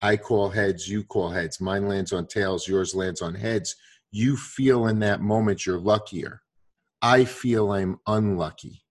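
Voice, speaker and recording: A man's voice: deep voice, steady tone, unhurried. A man in his sixties in casual conversation, rambling with many restarts and fillers.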